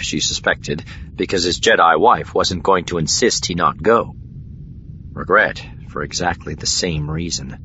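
Brief: male audiobook narrator, deep bright-edged voice, dull recording with faint hiss. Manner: steady, measured reading.

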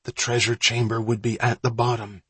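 A man voicing a bold older brother, a boy who talks in eager, hushed urgings. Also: medium pitch, flat delivery, normal speed, husky, no echo. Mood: urgent hushed.

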